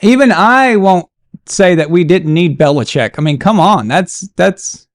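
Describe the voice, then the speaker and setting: A man hosting a casual sports live stream, animated and exasperated as he chats with viewers. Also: high-pitched, normal speed, no room sound, studio quality.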